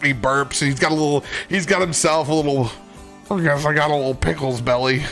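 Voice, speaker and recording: A man's voice: on the high side, fairly even intonation, fairly quick, a bit bright, faint music behind. A man playing a tabletop game, casually narrating his character with frequent swearing and laughter.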